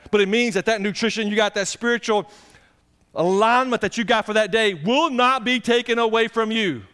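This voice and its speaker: A man's voice: high-pitched, normal speed, a bit bright, clean tone. A man, a pastor preaching a folksy, conversational sermon and putting direct questions to the congregation.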